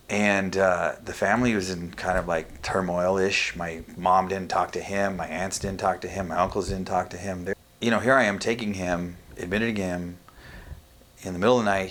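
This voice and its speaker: A young man speaking frankly and profanely on a casual podcast, halting often with fillers and restarts. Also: deep voice, a bit bright.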